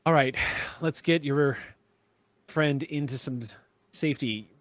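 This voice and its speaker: A man's voice: on the high side, takes it slowly, no room sound. A man voicing a brusque woman commander who gives curt, profane orders in a tabletop game. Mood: commanding.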